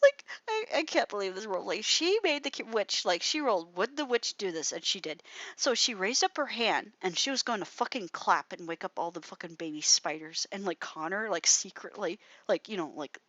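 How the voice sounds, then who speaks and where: A young woman rambling through a story while she draws on a livestream, full of fillers and swearing, sometimes muttering softly to herself. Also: medium pitch, lively intonation, brisk, dry recording. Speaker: artist livestreaming while drawing. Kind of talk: casual rambling livestream commentary. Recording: slightly dull lo-fi mic, dry.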